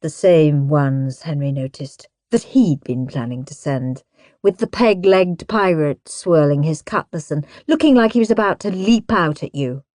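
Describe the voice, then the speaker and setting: Woman audiobook narrator, unhurried and lively, dry close-miked read. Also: deep voice, dry recording. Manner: expressive, playful storytelling. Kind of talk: scripted narration.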